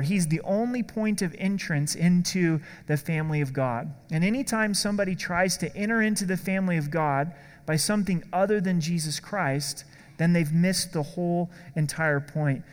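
A man's voice: fairly high pitch, big-room sound. A male pastor preaching a sermon in a conversational way, asking the congregation questions.

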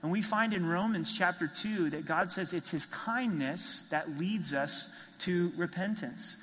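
A man's voice: sits high, a little slow, a bit bright. Earnest preacher man in a reverberant hall. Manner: earnest, emphatic preaching with repeated phrases. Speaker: pastor. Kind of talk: sermon.

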